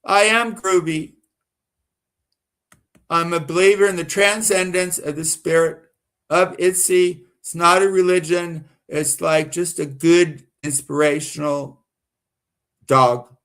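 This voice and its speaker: This man from the American South keeps circling back in rambling live-stream talk, flaring into indignation. His slightly high voice is steady, smooth, and fairly bright, with a slow, drawn-out delivery.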